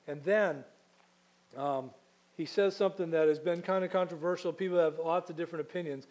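A man preaching a sermon conversationally, asking rhetorical questions and slowing down to read scripture aloud. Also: a little high, fairly even intonation, a little mellow.

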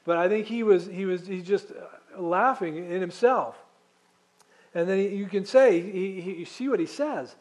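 A man's voice: high-pitched, moderate pace, a little mellow. Man preaching an emphatic sermon. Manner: conversational, emphatic, asks the congregation questions. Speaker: pastor.

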